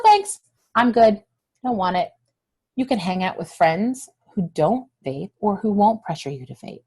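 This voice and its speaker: Woman health educator, friendly, encouraging, addresses kids directly, mid-pitched voice. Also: darkish tone, slightly rough. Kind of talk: scripted lesson to young viewers.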